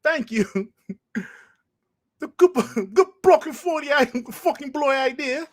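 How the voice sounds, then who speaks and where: A man's voice: extremely high pitch, animated, measured pace, pitched above the performer's own voice. A man putting on a mocking fake British accent as a joke.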